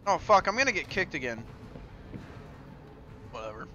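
A man giving live commentary on his gameplay in a high, bright voice that leaps wildly up and down. He swears freely and playfully taunts his foes as he plays. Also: moderate pace, muffled recording, slight background noise. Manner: profane, excitable, playful taunting of enemies. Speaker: streamer.

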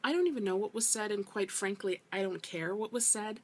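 A woman's voice: medium pitch, fairly quick, darkish tone, breathy edge. A woman with a mid-range voice talks straight to camera in a casual vlog rant. She sounds exasperated and emphatic, hammering her points home by repeating them. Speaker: vlogger.

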